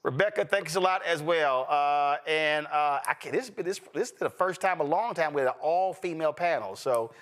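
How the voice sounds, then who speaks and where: A talk show host with a fairly high, slightly bright voice speaks at a moderate pace with lively intonation and hardly any pauses. Blunt and joking, he uses slang and cusses straight to his viewers, appealing for their support amid unscripted banter and storytelling.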